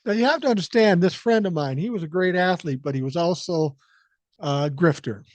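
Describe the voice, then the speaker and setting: A Midwestern American man in his sixties hosts a podcast, telling a story in a casual monologue that's blunt, profane, and laid-back. His voice sits high and moves a little fast, with no echo.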